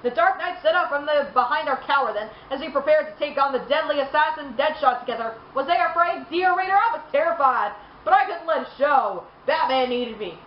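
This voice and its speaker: Brief: woman gaming streamer, animated reader, high pitch, roomy lo-fi room with faint ambience. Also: a little fast, few pauses, slight background noise. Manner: animated, laughs and exclaims. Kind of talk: reading game lore aloud with reactions.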